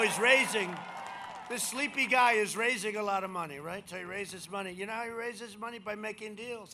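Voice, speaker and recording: An older man giving a campaign rally speech, rambling and boastful, swinging between shouted lines and muttered asides. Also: high voice, a little hiss or hum. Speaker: political speaker at a rally. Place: outdoor rally crowd.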